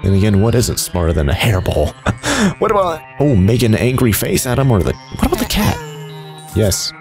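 A man giving excitable gameplay commentary, reacting loudly and laughing often. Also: medium pitch, moderate pace. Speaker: let's play gamer. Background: game music.

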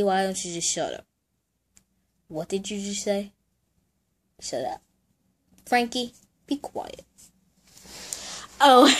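A woman's voice: medium pitch, darkish tone. Woman playing out a doll scene. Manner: switches between playful character voices.

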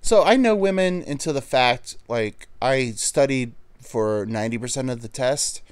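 A podcast host rambles through a casual, self-deprecating comic monologue. His medium-pitched voice sounds clean, with no room sound.

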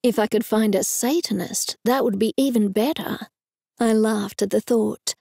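A woman's voice: on the high side, moderate pace, creaky, warm tone, breathy edge, no room sound. A woman narrating a cozy mystery novel in the first person, in a wry, dry manner. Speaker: audiobook narrator.

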